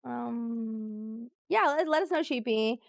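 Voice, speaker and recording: Chatty woman streamer, slightly high voice. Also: slow pace, creaky, no echo. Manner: chatty, reads game text aloud, talks to chat, laughs easily. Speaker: live streamer. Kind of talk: casual live-stream chat while playing a trivia game.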